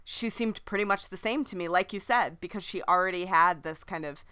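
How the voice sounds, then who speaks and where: A woman co-hosts a podcast in a casual, giggly manner. Her voice is somewhat low but bright and smooth. It is recorded dry and close. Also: fairly quick, no echo. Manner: giggly, casual, says dude. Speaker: podcast co-host. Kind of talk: casual chat.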